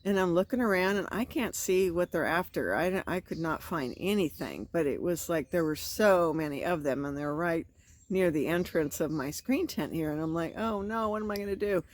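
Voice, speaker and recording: A woman's voice: sits low, lively intonation, normal speed. A woman vlogging from inside a screen tent at a campground, telling her story in a chatty, self-encouraging way. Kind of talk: casual chat.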